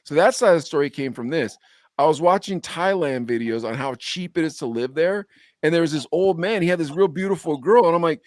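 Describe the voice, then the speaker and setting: A young adult man hosting a podcast, telling a story with animated quoted dialogue in casual chat. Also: a little high, quick pace, no echo, clean studio sound. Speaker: podcast host.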